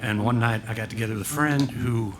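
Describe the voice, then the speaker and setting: A man, a bass player, telling a meandering, laughing anecdote on a small pub stage. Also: a little fast. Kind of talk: rambling spoken anecdote. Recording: noisy live bar recording.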